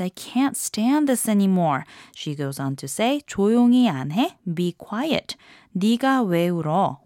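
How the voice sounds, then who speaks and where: A woman hosting a language lesson, explaining drama lines and phrases in a clear, measured scripted way. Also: medium pitch, no echo, clean studio sound.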